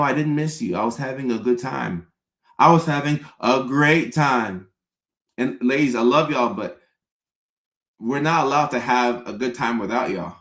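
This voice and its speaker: A young man, a comedian host, riffing casually with viewers and slipping into mock-pleading voices for his bits. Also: mid-range voice. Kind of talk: casual comedic riff to chat. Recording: echoey room.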